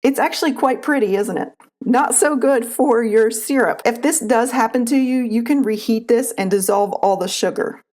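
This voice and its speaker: A woman with an Appalachian accent, calmly explaining a recipe step by step as a cooking channel host. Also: fairly high pitch, normal speed, few pauses. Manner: calm, instructive, homespun. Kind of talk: recipe tutorial voice-over.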